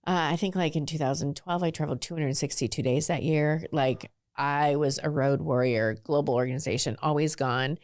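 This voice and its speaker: A woman in her forties with a low voice tells her story candidly in a casual interview. She speaks frankly and sprinkles "like" through her sentences. The recording is dry and close. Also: brisk, hardly any pauses, a little mellow, no echo. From southern California. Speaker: guest, ice cream entrepreneur.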